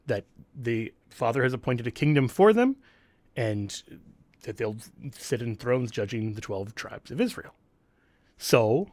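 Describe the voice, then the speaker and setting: This is a man explaining scripture. He is an animated, emphatic Catholic teacher whose pitch rises and falls a lot, and he breaks off for quick asides. His voice is recorded dry, with almost no room sound. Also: dry recording.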